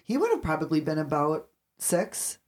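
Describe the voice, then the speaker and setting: A woman therapist in casual podcast chat, emphatic and animated when telling stories. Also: deep voice, normal speed. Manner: animated storyteller, emphatic lists. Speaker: therapist, co-host.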